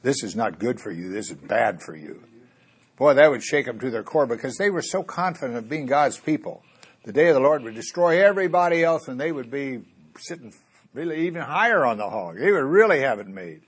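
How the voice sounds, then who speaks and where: Husky-voiced folksy male preacher. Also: mid-range voice, expressive. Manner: folksy, conversational, with asides and jokes; reads scripture slowly and emphatically. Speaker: Bible teacher. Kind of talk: expository sermon.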